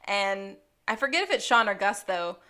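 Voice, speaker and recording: A woman's voice: medium pitch, moderate pace. A woman co-hosting a podcast, recapping a TV episode in casual chat and laughing often. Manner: giggly, animated, laughs often. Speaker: podcast co-host.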